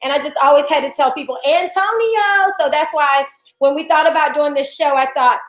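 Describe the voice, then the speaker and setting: A woman's voice: sits high, little pitch movement, fast, echoey room, low-quality recording. A woman hosting a livestreamed beauty and self-love show, bubbly and a little winded, greeting viewers by name with frequent laughs. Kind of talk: casual livestream chat. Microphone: device streaming to social media.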